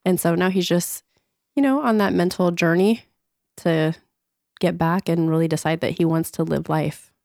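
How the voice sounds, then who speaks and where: A woman sits in as a guest on a radio talk show, her voice low and hoarse from being sick. She talks openly and steadily, with fillers here and there. The studio sound is close and dry. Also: fairly even intonation, normal speed, darkish tone, dry recording. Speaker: guest, business owner. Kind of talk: casual radio interview.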